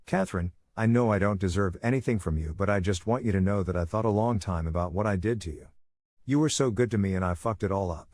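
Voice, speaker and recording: A man's voice: lowish voice, fast, a little mellow, no room sound, close to an everyday voice. A man reading as a pleading ex-girlfriend. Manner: pleading, apologetic. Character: pleading young adult woman, an ex-girlfriend. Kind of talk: read-aloud dialogue in a story.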